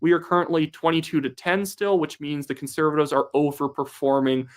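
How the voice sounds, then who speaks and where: A man's voice: fairly high pitch, little pitch movement, brisk. A young man from Canada hosting a casual live stream, chatting and reading out viewer comments. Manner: reads viewer comments aloud, chatty and upbeat. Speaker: livestream host.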